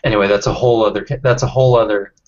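A man leading a casual online study group, reading out chat comments and talking with halting restarts over a video call. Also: fairly low pitch, fairly even intonation, darkish tone. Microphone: computer mic on video call. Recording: dull lo-fi call audio.

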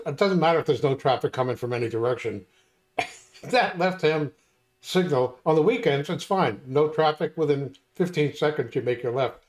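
Male co-host, casual, hesitant, chuckling storyteller. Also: on the high side. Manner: anecdotal, hesitant with fillers, chuckling. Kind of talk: casual interview chat.

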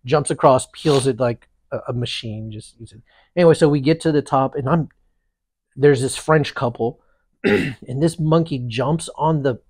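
A man casually telling a long story on a podcast, animated and rambling with frequent restarts. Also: medium pitch, normal speed, husky, no echo, studio quality. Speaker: podcast co-host.

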